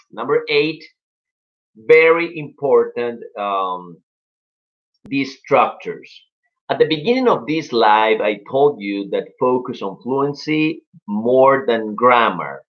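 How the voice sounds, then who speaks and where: A young man gives an upbeat English lesson over a live stream, slowing down and drawing out the words he wants to stress. His voice sits in a middle pitch. The sound is a little dull and lo-fi. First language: Spanish. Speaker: English teacher.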